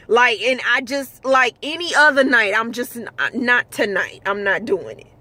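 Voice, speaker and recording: A woman's voice: on the high side, moderate pace, pushed and bright. Exasperated, foul-mouthed woman driver ranting. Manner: blunt, exasperated, swears freely. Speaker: rideshare driver telling stories. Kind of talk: casual storytime vlog.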